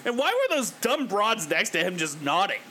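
A man casually riffing on a podcast, sarcastic and profane. His voice is high, bright and animated. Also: normal speed, slight background noise. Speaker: podcast host. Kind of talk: casual reaction commentary.

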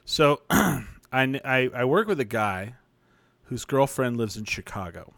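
A man's voice: mid-range voice, big pitch swings, measured pace, vocal fry, fairly bright tone, no echo. Male host, casual rambling storyteller, swears freely, dry close-miked sound. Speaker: show host. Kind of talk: casual chat on a stream.

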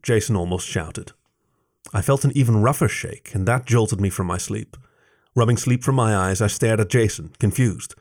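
A man narrating a first-person story aloud in a measured, soft-spoken reading. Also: on the low side. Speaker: story reader.

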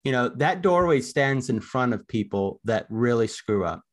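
A man of medium pitch hosts a faith-based podcast. He asks his guest thoughtful, probing questions in a conversational way. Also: expressive, moderate pace. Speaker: podcast host. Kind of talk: interview questions.

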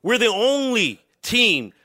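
Bright, lively New co-host. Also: male voice, sits high, takes it slowly. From New York. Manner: profane, trash-talking. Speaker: podcast co-host. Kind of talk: casual sports chat.

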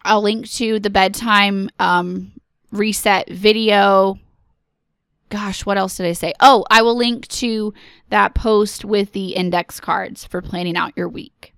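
Slow, earnest mom podcast host. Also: female voice, medium pitch, fairly even intonation, fairly bright tone, smooth, dry recording, studio quality. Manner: earnest, pep-talk, direct address to listeners. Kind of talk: casual encouraging podcast talk.

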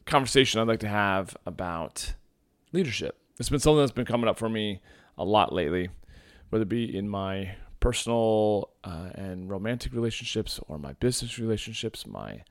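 A man hosting his own podcast in a low early-morning voice, thinking aloud in a casual, reflective way with lots of fillers and restarts. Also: animated, a little fast, dry recording, studio quality. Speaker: podcast host and men's coach. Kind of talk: casual solo podcast monologue.

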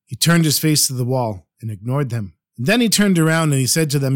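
A man's voice: medium pitch, animated, fairly quick, hardly any pauses, no room sound, studio quality. A man telling religious stories on a podcast, preaching a little and addressing listeners fondly. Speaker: storyteller. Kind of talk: podcast storytelling.

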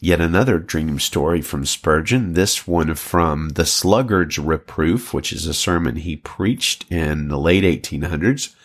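A man's voice: very deep voice, a little slow, few pauses. A male pastor teaching a sermon and reading old stories aloud with earnest expression.

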